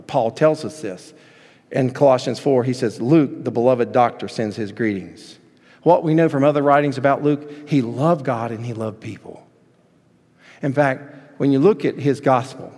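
A man preaching a sermon, telling the story with lively asides and acting out the people in it. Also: mid-range voice, big-room sound. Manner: animated storytelling, acting out voices. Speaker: pastor.

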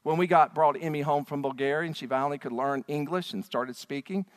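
A brisk male pastor with a high voice delivers an emphatic, animated sermon in a church sanctuary, firing rhetorical questions at the congregation. The recording carries the long reverb of a large hall.

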